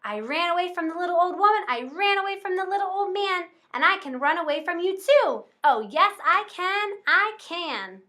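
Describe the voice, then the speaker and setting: A woman's voice: very high voice, expressive, normal speed, few pauses, bright, forceful tone, voice pushed up, exaggerated voice. A woman voicing a cheeky, boastful gingerbread cookie boy in a taunting sing-song chant for a storybook. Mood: gleeful taunting.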